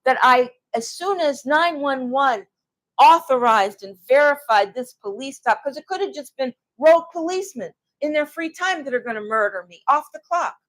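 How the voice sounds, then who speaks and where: Woman telling her own story, slightly high. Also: lively intonation, a bit bright. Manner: emotional, with halting restarts. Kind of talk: personal account to camera.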